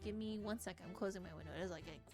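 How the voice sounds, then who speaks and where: A woman's voice: mid-range voice, very fast. Playful woman streaming a game. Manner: playful, laughs at herself. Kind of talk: casual chat while playing a game. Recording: game music playing behind.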